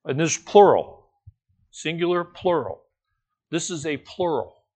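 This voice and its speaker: A man preaching a conversational sermon as a pastor teaching a Bible study, informal and animated, with playful asides and light laughs. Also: on the high side, unhurried.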